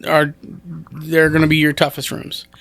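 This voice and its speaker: Comedian guy rambling on a podcast, gravelly kinda high voice, dry close mic. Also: completely flat delivery, moderate pace, fairly bright tone, no echo. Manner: rambling, restarts a lot, self-deprecating. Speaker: stand-up comedian guest. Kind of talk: casual podcast chat.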